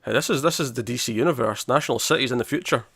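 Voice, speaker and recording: A man's voice: medium pitch, rapid-fire, vocal fry, a bit bright, slightly rough, dry recording. Rambling man chatting on a podcast. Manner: rambling, many restarts, laughs often. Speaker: podcast co-host. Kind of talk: casual chat.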